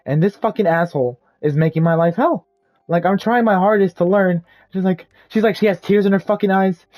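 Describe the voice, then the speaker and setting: A man's voice: high voice, brisk, lo-fi sound, soft background music. A young man telling a rambling, profane, self-deprecating story casually while playing a game. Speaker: gaming YouTuber. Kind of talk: casual storytime over gameplay.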